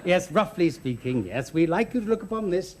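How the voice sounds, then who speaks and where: A man's voice: high voice, lively intonation, brisk, darkish tone. A man playing a pompous, overbearing restaurant manager in a TV comedy sketch. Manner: pompous, instructing. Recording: TV studio audience and background noise.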